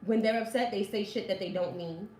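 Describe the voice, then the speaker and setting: A woman's voice: medium pitch, brisk, darkish tone, slight background noise. A woman co-hosting a casual couple chat, earnestly arguing her point on relationships. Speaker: co-host. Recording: echoey room.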